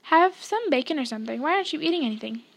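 A woman's voice: sits high, animated, racing, gravelly. Eager young boy, as a woman reader puts him on. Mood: chatty. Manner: eager, exclaiming.

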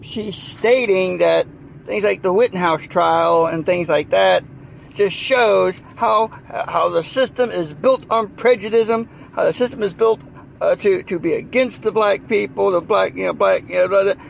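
Southern guy ranting, high voice with lots of gravel, keeps repeating himself. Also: measured pace, slight background noise. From Southern United States. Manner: heated, rambling, lots of repetition and fillers. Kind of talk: ranting monologue.

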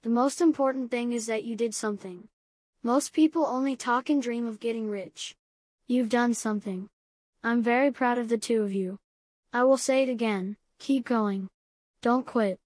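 A woman reading as a gentle schoolteacher father. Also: fairly high pitch, normal speed, no room sound, natural voice. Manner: calm, kindly encouraging.

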